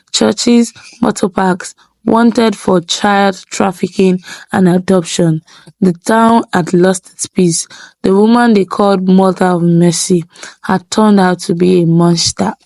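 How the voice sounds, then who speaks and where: A woman narrating a folktale in a measured, dramatic way, drawing out key phrases. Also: medium pitch, darkish tone, no room sound. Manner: measured, dramatic pacing with slowed phrases for effect. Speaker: storyteller.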